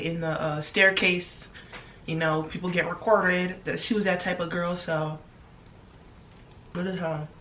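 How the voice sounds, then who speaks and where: A woman's voice: lowish voice, a bit bright, distant mic, slight background noise. A young woman telling a story casually while eating in her bedroom, blunt and chatty, swearing freely. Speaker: vlogger.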